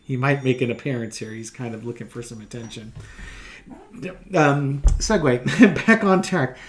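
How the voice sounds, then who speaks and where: A man's voice: medium pitch, moderate pace, slight background noise. A man hosting his own tarot channel, talking in a casual, offhand way, laughing between remarks and repeating his points for emphasis. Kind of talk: casual spoken commentary.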